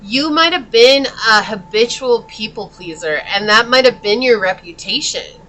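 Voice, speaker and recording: A woman's voice: a little high, animated, unhurried, fairly bright tone, rough recording. A woman giving a tarot reading in a chatty, casual way, talking straight to the viewer and laughing often. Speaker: tarot reader.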